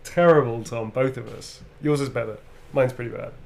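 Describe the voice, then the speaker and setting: A man's voice: mid-range voice, normal speed, gravelly, over a noisy crowd. A man who is a guest actor, chatting playfully and muttering to himself as he signs autographs. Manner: playful, mutters while writing. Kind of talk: casual chat while signing. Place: indoor signing session.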